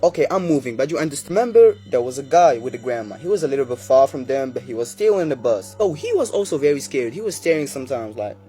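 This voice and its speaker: A man's voice: mid-range voice, big pitch swings, fast talker, few pauses, dark tone, faint music behind. Chatty man telling a spooky story. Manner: chatty, addresses listeners directly. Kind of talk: casual storytime narration.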